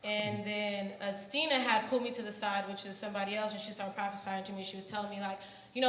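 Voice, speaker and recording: A woman's voice: medium pitch, little pitch movement, quick pace, fairly bright tone. A young woman giving an earnest church testimony about her mission trip, telling her story with many fillers. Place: church hall. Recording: echoey hall, faint noise.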